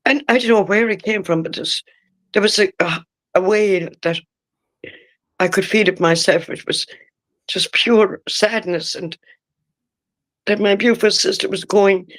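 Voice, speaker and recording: An older Irish woman in her sixties speaks in a low voice for a woman. She tells her own story as an interviewee in an emotional, halting way, with many broken-off restarts. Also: a bit bright. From Ireland. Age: 60s. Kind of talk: emotional personal testimony.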